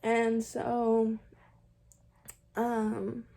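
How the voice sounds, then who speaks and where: Gravelly-voiced young woman, chatty storytime. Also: on the high side, completely flat delivery, very slow, dark tone. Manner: chatty, heavy "like" and "um", swears casually. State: holding a fussing baby. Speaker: vlogger. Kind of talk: casual storytelling to camera.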